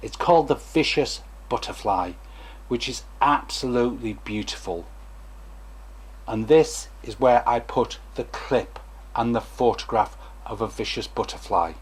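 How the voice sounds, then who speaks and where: A man's voice: medium pitch, a little slow, husky. A former stammering therapist, a man, gives a chatty, digressive talk to camera and acts out examples as he goes.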